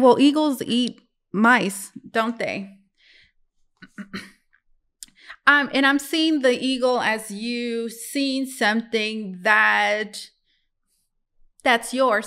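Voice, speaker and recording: A woman's voice: fairly high pitch, sharp tone, smooth. A woman reading tarot cards for her viewers in a casual, musing way, talking to them as guys. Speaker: tarot reader.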